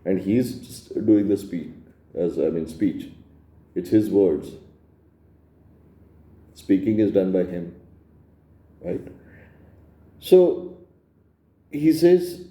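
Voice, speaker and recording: A man's voice: on the low side, lively intonation, slow pace, pauses often, mellow, reverberant. A man giving an earnest spiritual discourse, explaining and asking rhetorical questions. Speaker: spiritual teacher.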